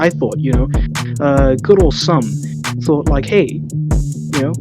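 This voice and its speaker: A man's voice: on the high side, measured pace, over loud music. Young man telling crude comedic stories. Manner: animated, crude, self-mocking with put-on quotes. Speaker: podcast co-host. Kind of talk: casual comedic storytelling.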